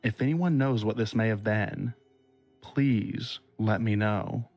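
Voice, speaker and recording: After reading out a listener-submitted horror story slowly and deliberately, this male podcast host slips into relaxed conversation with guests. His voice is fairly low and a little mellow, with soft music playing behind him.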